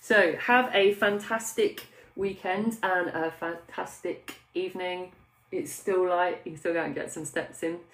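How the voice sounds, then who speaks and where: A woman with a slightly low voice hosts a live stream as a weight-loss coach. She chats in an upbeat way and answers viewers by name. The room around her is echoey. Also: steady tone, unhurried.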